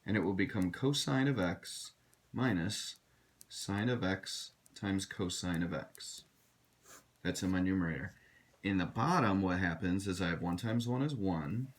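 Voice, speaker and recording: A low-pitched male teacher speaks at a measured pace in a recorded math lesson. He instructs his students directly, calling them "you guys."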